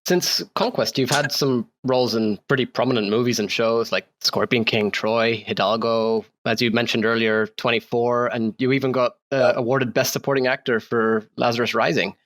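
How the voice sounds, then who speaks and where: Friendly male podcast host, mid-pitched, dry close mic. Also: fairly even intonation, moderate pace, hardly any pauses, fairly bright tone, dry recording. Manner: reads off credits, friendly, laughs along. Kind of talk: casual interview.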